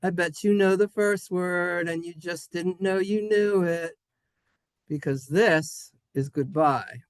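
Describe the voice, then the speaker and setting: A man's voice: sits high, takes it slowly, clear, resonant tone, no echo. A man teaching Hebrew in a playful class, goofy and self-mocking, spelling words out letter by letter. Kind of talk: playful online class lesson.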